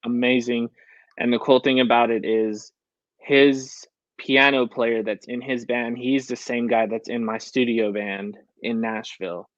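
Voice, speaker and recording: A man's voice: mid-range voice, level tone, measured pace, no room sound, highs cut off. Young man telling stories in a chatty ramble. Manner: storytelling, quoting himself with "I was like" often. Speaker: country recording artist, guest. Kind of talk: casual interview chat.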